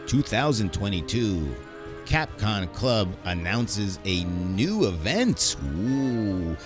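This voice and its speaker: A man's voice: fairly low pitch, voice pushed up. A man putting on a grand old-time newsreel announcer. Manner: slow, drawn-out announcing.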